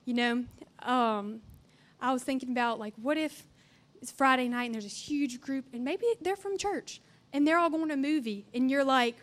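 A woman's voice: sits high, normal speed. A young woman giving a chatty, earnest youth-camp sermon with playful asides.

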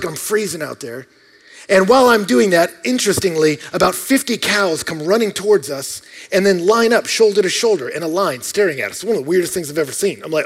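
High-voiced man preaching with a story. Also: a little fast. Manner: animated storyteller, swings from loud to hushed. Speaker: pastor. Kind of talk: sermon with a personal story.

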